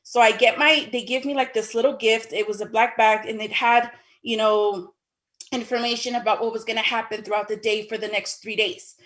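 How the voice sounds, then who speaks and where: A woman tells her own story casually and with lots of animation, acting out the dialogue and breaking into sudden high exclamations. She speaks fairly quickly.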